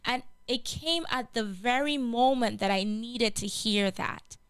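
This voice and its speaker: A woman's voice: a little high, a little slow, smooth, no echo. A woman hosting a gospel radio show, sharing a personal testimony in an earnest, heartfelt way with many repetitions and restarts. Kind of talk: personal testimony, casual spoken.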